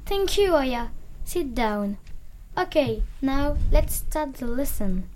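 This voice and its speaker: A woman playing a strict female English teacher in a classroom role-play skit, giving slow, clear instructions. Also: high-pitched, expressive, a little mellow, slight background noise. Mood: calm, instructive.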